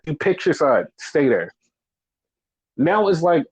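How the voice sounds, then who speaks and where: A man's voice: on the high side, very animated, slow pace, pauses often, husky. A man hosting a casual podcast, ranting angrily with constant swearing and mocking sarcasm. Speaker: podcast host. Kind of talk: casual chat. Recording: dull lo-fi audio.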